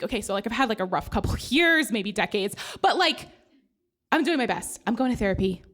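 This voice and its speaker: A woman's voice: on the high side, lively intonation, brisk, a bit bright. A woman telling a funny, self-deprecating personal story on stage. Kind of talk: live comic storytelling. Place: stage before a live audience.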